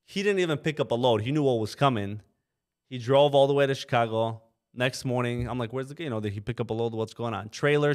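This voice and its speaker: Animated man telling trucking stories. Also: mid-range voice. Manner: animated anecdote-telling, acts out quoted drivers, frequent "you know". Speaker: trucking company co-owner, podcast guest. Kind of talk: casual storytelling. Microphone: podcast microphone.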